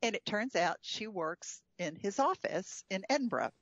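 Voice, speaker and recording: A woman's voice: mid-range voice, lively intonation, moderate pace, no room sound, highs cut off. A woman guest telling a travel story in casual chat, chatty with frequent fillers and laughs. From United States.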